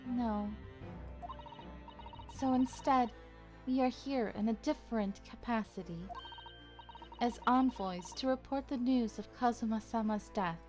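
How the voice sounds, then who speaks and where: A woman voicing a polite, earnest young female assistant in a measured voice. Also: fairly high pitch, darkish tone, soft background music, voice pushed up, close to an everyday voice.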